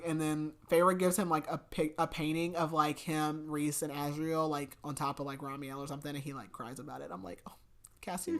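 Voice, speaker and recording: A young woman with a low but fairly bright voice co-hosts a podcast, recapping a fantasy novel in casual chat. She's chatty, leans heavily on "like" as filler, and laughs often.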